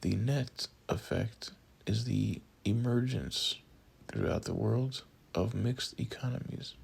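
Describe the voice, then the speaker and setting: Male textbook audiobook narrator, measured delivery, heavy vocal fry, husky tone. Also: on the low side, a little mellow, rough recording. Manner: slow, measured reading of list items.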